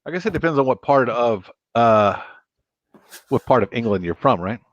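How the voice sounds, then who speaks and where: A man's voice: medium pitch, animated, moderate pace, dry recording. Man, live stream host, jokey, reads chat aloud, dry dull lo-fi laptop sound. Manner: jokey, keeps reading out viewer chat and counts. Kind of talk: casual late-night live stream chat.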